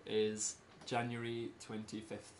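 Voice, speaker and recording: A Scottish man giving a casual talk to a small group, in simple slow words and laughing often. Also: on the low side, completely flat delivery, a little hiss or hum. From Scotland. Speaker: presenter giving a talk about Scotland.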